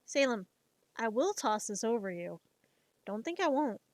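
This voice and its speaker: Woman streamer, chatty and unhurried, a bit high, dry close sound. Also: sing-song, no room sound. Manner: chatty, scolds her cat playfully between topics. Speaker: streamer and artist. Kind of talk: casual live-stream chat.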